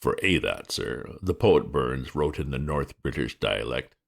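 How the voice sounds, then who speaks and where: A man voicing a formal, deferential male valet who speaks in a measured way. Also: rumbling low, expressive, creaky, voice pushed down, exaggerated voice.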